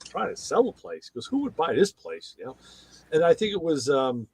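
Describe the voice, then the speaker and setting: A man's voice: on the high side, big pitch swings, moderate pace, vocal fry, slightly rough. A man chatting casually on a podcast, retelling TV episodes and acting out the characters' lines in raised voices. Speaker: podcast co-host.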